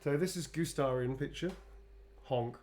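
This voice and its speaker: A man's voice: mid-range voice, fairly quick, a little hiss or hum. A tired man chatting casually on a livestream, rambling and playful, calling viewers darlings as he draws. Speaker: actor drawing requested sketches for viewers.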